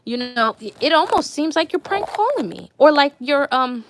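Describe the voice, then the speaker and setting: A woman's voice: sits high, big pitch swings, moderate pace, hardly any pauses, a bit bright. A young woman vlogger telling stories in a casual, chatty way, repeating words for emphasis. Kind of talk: casual chat to viewers.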